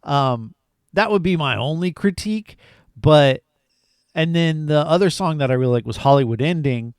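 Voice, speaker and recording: A man's voice: fairly high pitch, lively intonation, normal speed, darkish tone, smooth, no echo, clean studio sound. A man co-hosting a podcast, chatting eagerly about a film and rambling with fillers. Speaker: podcast co-host. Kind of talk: casual movie review chat.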